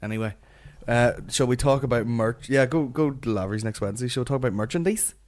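A man's voice: medium pitch, fast talker. Man, Northern Irish accent, comedy podcast host, sweary, rambling banter.

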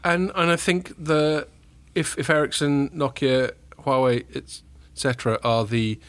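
A man's voice: on the high side, fairly even intonation, a little slow, no echo. A man hosting a casual podcast chat, talking in a loose, joking way with the odd swear word. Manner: chatty, jokey, swears casually. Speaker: podcast host, tech journalist.

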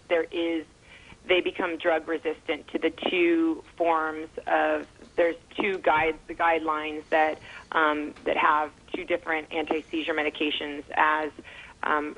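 Middle-aged woman, interview guest, earnest emotional storyteller, slightly low voice. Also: a bit bright, poor audio. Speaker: guest, mother and foundation founder.

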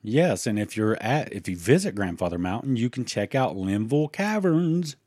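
Deep husky man, playful co-host. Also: sing-song, moderate pace, no room sound, clean studio sound. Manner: playful, drops into hushed spooky tones for effect. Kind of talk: casual chat.

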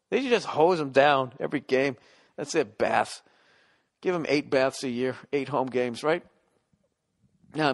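A middle-aged man ranting casually and profanely as a podcast host, sounding exasperated. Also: medium pitch.

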